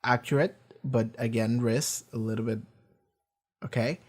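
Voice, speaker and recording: A man gives casual commentary on a TV episode he has just watched. His voice sits at an ordinary middle pitch, and he rambles, restarting his thoughts and peppering them with fillers and swearing. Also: fairly even intonation, unhurried. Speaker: show reaction host.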